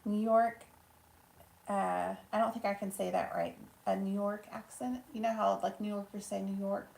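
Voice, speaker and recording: A woman reads viewer comments aloud during a casual live stream, soft-spoken and unhurried. Her voice has a gravelly creak at a middle pitch. The room around her is echoey. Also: steady tone. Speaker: live stream co-host reading chat.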